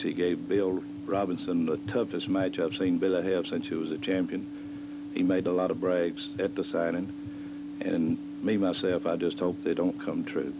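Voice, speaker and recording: A man's voice: deep voice, highs cut off, background noise. A man talking earnestly about an upcoming wrestling match on TV. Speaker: wrestling commentator. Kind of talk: TV interview.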